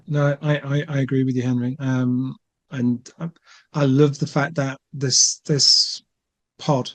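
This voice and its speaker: Enthusiastic podcast co-host. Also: male voice, mid-range voice. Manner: enthusiastic, repeats words while thinking. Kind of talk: casual chat.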